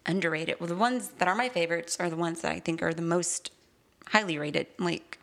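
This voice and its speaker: Woman on a podcast, lowish voice, chatty and excited, trails off a lot. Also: a little fast, creaky. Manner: chatty, enthusiastic, trails off mid-sentence. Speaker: podcast co-host. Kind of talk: casual chat.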